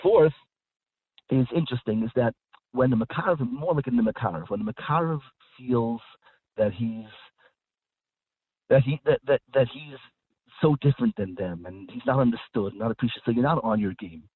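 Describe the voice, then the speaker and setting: Husky man on a phone line. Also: medium pitch, moderate pace, long pauses, no room sound. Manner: emphatic, repeats and restarts words. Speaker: guest rabbi on a radio show. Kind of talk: radio discussion.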